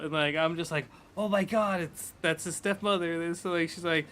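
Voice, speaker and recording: A man with a fairly high, bright voice talks loosely and at length. He swears freely and keeps slipping into quoted lines as he retells a story. It sounds like casual chat from a streamer. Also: flat delivery, moderate pace, hardly any pauses, a little hiss or hum.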